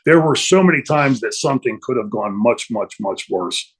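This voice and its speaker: A man's voice: medium pitch, animated, moderate pace, husky, rough recording. A middle-aged man telling a long story in an interview, rambling with many fillers and restarts. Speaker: interview guest, former wrestler.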